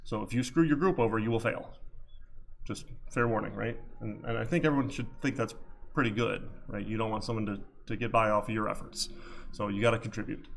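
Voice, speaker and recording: A man's voice: on the low side, vocal fry, a little hiss or hum. A man teaching a college programming class in a casual, chatty lecture, often checking in with "right?". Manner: chatty, filler-heavy, repeats "right?".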